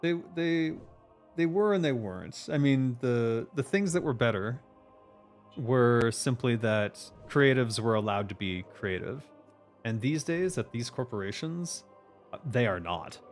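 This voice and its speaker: A man's voice: mid-range voice, expressive, unhurried, faint music behind. A man hosting a casual stream chat as a game designer, ranting emphatically with lots of swearing.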